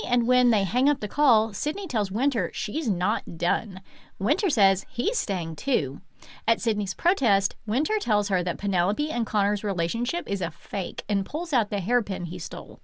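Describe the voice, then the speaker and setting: A woman's voice: medium pitch, no echo, studio quality. A woman co-hosting a book podcast, retelling the plot with dramatic gasps and outbursts. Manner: dramatic, gasping recap with loud outbursts. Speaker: podcast co-host. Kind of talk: casual book recap.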